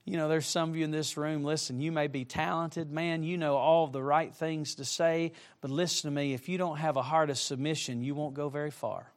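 A middle-aged man preaching to young people, with emphatic direct appeals and shifts between soft asides and loud, rising emphasis. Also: on the high side, fairly even intonation, fairly quick, hardly any pauses. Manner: emphatic, repeatedly urging listeners with direct appeals. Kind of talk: sermon to a youth congregation.

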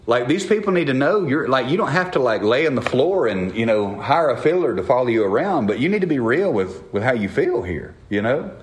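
A man's voice: mid-range voice, very animated, brisk, hardly any pauses, roomy sound, slight background noise. A middle-aged man preaching a sermon in an earnest, conversational way, often restarting his phrases. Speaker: pastor.

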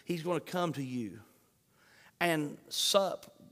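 A man preaching a sermon, fervent, swinging between shouts and hushed pleading. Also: on the high side, lively intonation, slow. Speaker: pastor. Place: church sanctuary. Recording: long hall reverb.

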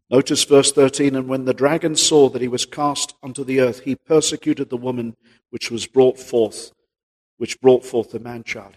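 A male preacher giving a sermon, posing rhetorical questions and swinging between loud and quiet passages. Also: medium pitch. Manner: rhetorical questions, rises and drops in volume. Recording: long hall reverb.

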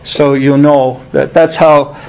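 A man preaching a sermon, reading scripture aloud and rising in pitch on the quoted lines, thinking aloud with restarts. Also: level tone, slow, gravelly, darkish tone, poor audio. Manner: rises in pitch when quoting scripture.

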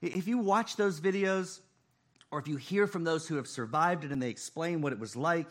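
A man preaching a sermon, swinging between loud emphasis and hushed, quiet phrases. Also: fairly high pitch, brisk. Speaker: pastor.

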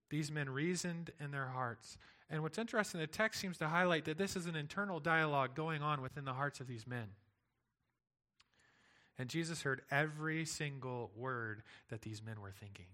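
Bright-voiced man preaching a sermon. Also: a little high, expressive, normal speed. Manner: earnest, emphatic preaching with rhetorical questions. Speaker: pastor.

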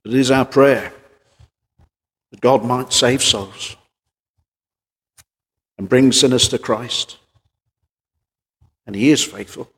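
A man preaches slowly in a mid-range voice, leaving long pauses that a long reverb tail fills. Earnest throughout, he uses rhetorical questions to press his points, moving from loud emphasis to quieter moments.

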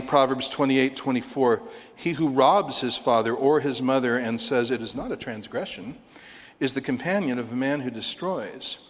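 A man preaching a sermon from the pulpit, his voice pitched in an ordinary middle register. He talks in an animated, emphatic way, and the sound rings out with a long reverb through the hall. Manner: animated, uses baseball imagery, emphatic. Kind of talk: expository sermon.

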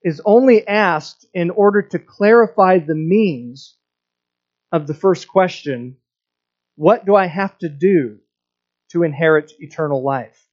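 Man, pastor preaching a sermon, fairly high voice, earnest, repeats and restarts phrases, slightly dull lo-fi recording. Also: a little slow.

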